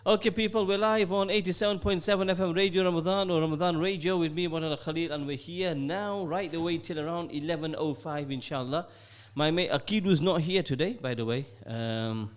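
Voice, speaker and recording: A middle-aged man hosting a live radio show, chatty and jokey, reading out listener messages from the studio. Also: fairly high pitch. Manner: chatty, upbeat, jokey, sprinkles Arabic phrases. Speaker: radio host.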